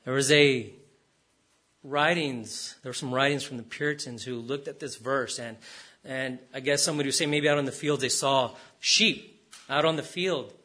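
A man's voice: medium pitch, normal speed, sharp tone. A man preaching a sermon as pastor, stressing words and repeating rhetorical questions.

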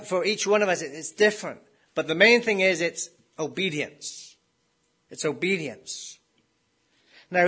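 A man's voice: high-pitched, bright, forceful tone. A man preaching a sermon in a conversational way, often asking his listeners rhetorical questions.

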